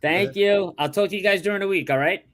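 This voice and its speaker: Casting: quick friendly man from New York, calling in from a hotel room. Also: sits high, over a noisy crowd. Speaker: guest. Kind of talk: casual chat over a video call.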